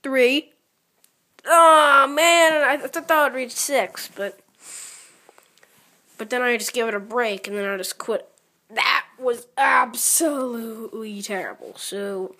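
A young woman playing a mobile game, counting her moves out loud and grumbling as she loses. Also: on the high side, animated, slow. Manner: counting moves aloud, mildly frustrated. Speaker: gaming channel creator. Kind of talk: casual gameplay commentary.

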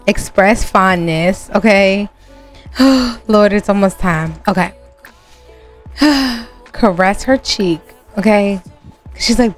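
A woman hosting a gaming channel, narrating her gameplay casually to viewers with sudden high exclamations. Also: slow, faint music behind.

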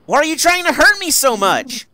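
A man voicing an anguished young woman who has been betrayed by her guardian, her lines coming out in shrill, pleading outbursts. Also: very animated, moderate pace, sharp tone, full character voice.

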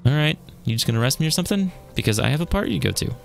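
A man voicing a sarcastic young adult cat woman in a game, flippant and defensive, with a gravelly edge. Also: on the high side, expressive, very fast, faint music behind.

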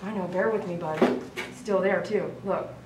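A woman dog groomer giving casual running commentary while she works, chatty and softly cooing to the dog. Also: on the low side, normal speed, background noise. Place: grooming salon. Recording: echoey room, mic at a distance.

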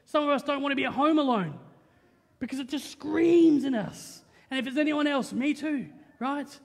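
A young Australian man preaches from the stage in a very high, bright voice, joking with the congregation and asking "right?" after nearly every point. His voice rings out through a church hall with a long trailing reverb. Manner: lively, joking, conversational, keeps asking "right?". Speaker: pastor. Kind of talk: sermon. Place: church auditorium.

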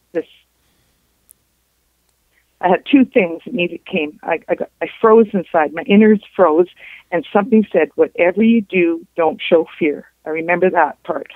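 A woman, a guest on a show, recounting a personal story in a halting way, with restarts and reported dialogue. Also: fairly low pitch, no room sound. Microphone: telephone. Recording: tinny phone line.

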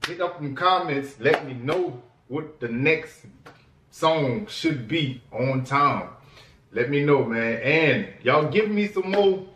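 A man hosting a casual reaction vlog, excitedly hyping things up with lots of repetition and laughter. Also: medium pitch. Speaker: host reacting to music. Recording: echoey room, distant mic.

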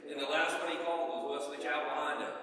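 A middle-aged man gives a eulogy, telling family stories in a plain way full of "and, uh" pauses. His voice is bright and sharp. It comes from a distance, with long reverb rolling through a church hall. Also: fairly high pitch, level tone. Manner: plain, halting storytelling with many "and, uh" fillers. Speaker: son giving a eulogy. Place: church sanctuary. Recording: echoey church hall, voice from far off.

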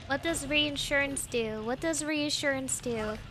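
A woman's voice: high voice, unhurried. A woman streaming a game, commenting dramatically and ranting at opponents, slipping Japanese words in and talking about herself in the third person. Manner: dramatic, frustrated rants at the game. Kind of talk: live gameplay commentary.

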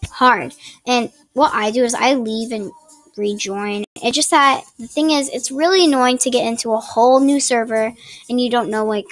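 A woman giving casual gameplay tips, rambling and chatty with apologetic asides, recorded on a laptop mic at a home desk. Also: on the high side. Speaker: gaming channel host. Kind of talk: casual gameplay tutorial commentary. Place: home desk with ring light. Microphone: laptop built-in mic.

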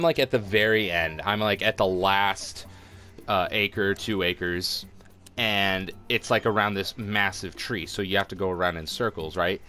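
A man's voice: lowish voice, sharp tone. A young man telling a rambling, sweary story in casual chat, laughing often between filler-heavy lines. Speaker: podcast co-host telling a story.

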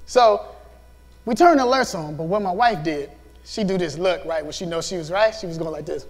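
A youth pastor delivers a sermon in an animated way, acting out the voices in his story and laughing often. His voice sits high for a man. Reverb from the hall trails each phrase. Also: a little fast.

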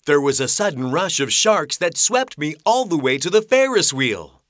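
A woman voicing a kind, gentle father shark in a cartoon, talking in a reassuring, animated way. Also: deep voice, moderate pace, dry recording. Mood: caring. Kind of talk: cartoon voice acting. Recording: dry studio sound.

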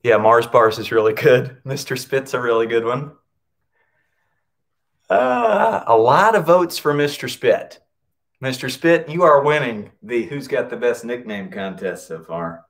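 A man's voice: medium pitch, lively intonation, a little slow. A man running a live-streamed PE class, upbeat, calling out nicknames and counting exercise reps, short of breath from working out. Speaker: PE coach.

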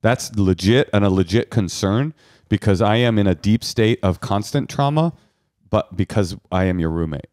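A man's voice: on the low side, normal speed, no echo, studio quality. A man co-hosting a podcast, chatting casually in a teasing, sarcastic way. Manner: teasing, sarcastic, lively delivery. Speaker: podcast co-host. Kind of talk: casual chat.

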